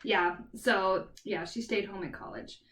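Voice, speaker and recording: In a mid-range, fairly bright voice at a measured pace, a woman co-hosting a podcast chats casually about a novel, summarizing its story with plenty of "like" and "kind of thing." She sounds distant from the microphone in an echoey room.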